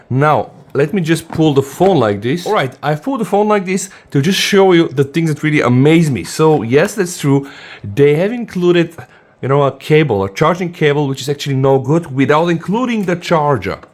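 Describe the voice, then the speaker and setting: A man's voice: fairly high pitch, darkish tone. Eager man reviewing a phone. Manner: enthusiastic, often says "guys". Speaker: tech reviewer. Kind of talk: casual unboxing review.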